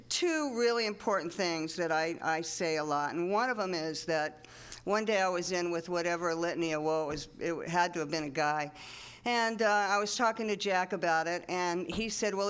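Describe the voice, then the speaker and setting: A man's voice: sits high, fairly bright tone, smooth. A man sharing a loose, rambling remembrance at a memorial, full of fillers and light chuckles. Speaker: speaker at a memorial gathering.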